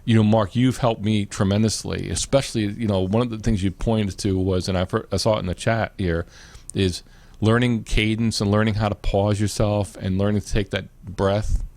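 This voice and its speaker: A man's voice: fairly low pitch, fairly even intonation, moderate pace, darkish tone. A man hosting a live video show, chatting casually with many restarts and "you know"s. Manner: rambling, repeats words, many "you know"s. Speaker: host.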